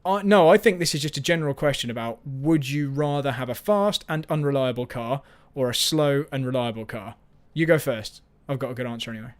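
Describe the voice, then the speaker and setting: A man's voice: mid-range voice, brisk. A man hosting a casual live-stream chat, rambling and self-mocking, with frequent restarts. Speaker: host.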